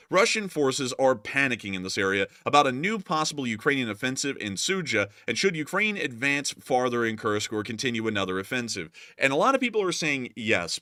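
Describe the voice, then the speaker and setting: A man giving casual news commentary as host, animated with joking asides. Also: mid-range voice, dry recording, studio quality.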